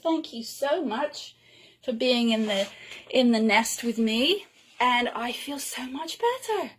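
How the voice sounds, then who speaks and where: Woman storyteller reading aloud to kids, gentle, higher voice, unhurried. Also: slight background noise. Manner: gentle, lilting, slow and expressive.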